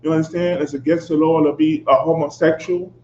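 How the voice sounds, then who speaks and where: A male preacher with a fairly high voice delivers a fiery, confrontational sermon, hammering points home and constantly asking whether his listeners understand. His loud outbursts give way to low asides. The room is echoey, and the recording sounds dull, with faint ambience behind. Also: steady tone, brisk, slight background noise. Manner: emphatic, constantly asks "you understand?".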